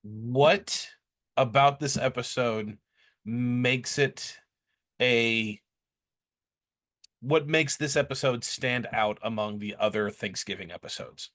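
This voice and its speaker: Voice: medium pitch, slow pace, pauses often, a bit bright. A podcast co-host chatting casually, asking listeners to weigh in, sometimes stumbling over words. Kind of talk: casual chat.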